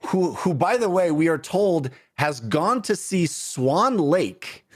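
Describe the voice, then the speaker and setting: A man's voice: on the high side, expressive, slow, breathy edge. A man co-hosting a casual film discussion, emphatic and incredulous. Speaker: podcast co-host.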